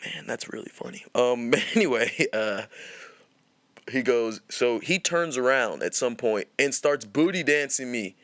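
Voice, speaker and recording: A young man tells a long story on a podcast, rambling and cursing, restarting his sentences again and again. His voice sits at an ordinary pitch for a man. The sound is dry and close, with no room in it. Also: expressive, unhurried, fairly bright tone, no echo. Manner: rambling, profane, restarts often. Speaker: podcast host. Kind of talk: casual storytelling.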